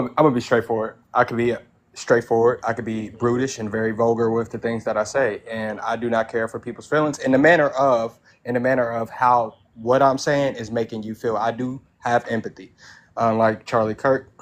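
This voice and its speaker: A man speaking bluntly as a guest on a live panel debate, halting and repeating words as he goes. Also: mid-range voice.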